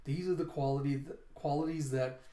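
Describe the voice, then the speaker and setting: A man's voice: a little high, fairly even intonation, dark tone, close to an everyday voice. A man doing a stern, formal teacher. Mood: lecturing. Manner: formal, measured pronouncements. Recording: roomy echo.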